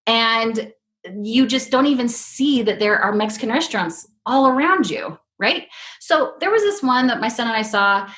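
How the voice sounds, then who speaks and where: A middle-aged woman hosting a podcast, telling a casual story in a lively way and acting out the voices of the people she quotes. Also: fairly high pitch, normal speed. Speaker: podcast host.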